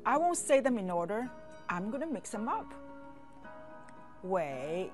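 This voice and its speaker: A woman teaching a language lesson, speaking slowly and patiently and pausing for learners to repeat after her. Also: fairly high pitch, sing-song, darkish tone, soft background music. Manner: slow, patient drills with pauses for repeating.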